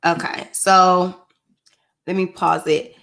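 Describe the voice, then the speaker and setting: A woman's voice: lowish voice, level tone, slow pace, vocal fry, fairly bright tone. A woman hosts her own live stream in a playful, chatty way. She speaks in an easygoing register, addressing viewers directly as if they were friends. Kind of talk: casual chat to viewers.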